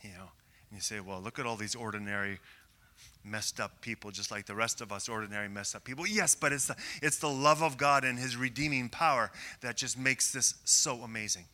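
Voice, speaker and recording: An older man from Canada preaching a sermon, telling a self-deprecating story with rising excitement. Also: mid-range voice, a little fast. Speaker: pastor.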